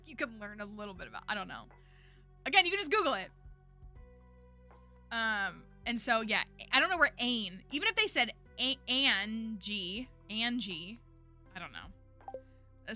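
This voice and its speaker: A woman with a slightly high, sharp voice chats casually while streaming a game. She rambles with plenty of fillers and sometimes slips into exasperated rants.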